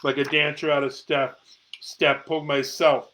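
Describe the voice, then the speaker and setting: A man's voice: a little high, level tone, normal speed, bright, forceful tone, a little hiss or hum, poor audio. A middle-aged man giving a live-streamed reading of his own poetry, with raw, intense delivery and free swearing, into a phone or webcam held close. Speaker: amateur poet and show host.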